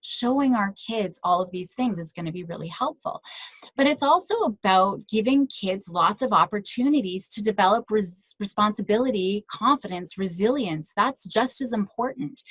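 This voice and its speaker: A woman speaks to a room of parents in an easy, conversational way, often tossing in quick check-ins and stories from her own family. Her voice sits in a mid pitch. The recording is dry and close, with little room sound. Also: a bit bright, breathy edge, dry recording. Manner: conversational, tag questions and personal anecdotes. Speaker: child psychologist giving a talk to parents. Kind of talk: presentation to parents.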